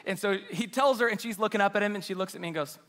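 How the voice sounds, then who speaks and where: Young male preacher, high bright voice, lively storytelling, long hall reverb. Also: very fast, a little hiss or hum. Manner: animated, self-mocking storytelling with quoted dialogue. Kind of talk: storytelling sermon.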